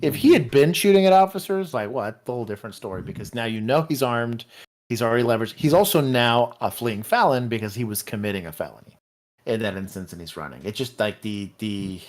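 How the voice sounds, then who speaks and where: A man's voice: mid-range voice, lively intonation, quick pace. A middle-aged man with a Texan accent, a former police officer co-hosting a livestream, talking casually and animatedly with restarts and laughter.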